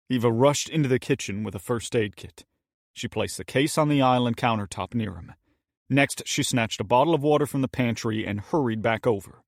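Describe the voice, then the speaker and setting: Man, audiobook narration, steady, measured, mid pitch, dry close sound. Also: dry recording. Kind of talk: scripted narration.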